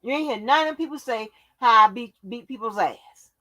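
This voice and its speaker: A woman's voice: a little high, brisk, sharp tone. A woman hosting her own channel, delivering a profane, confrontational rant that scolds her viewers. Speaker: channel host.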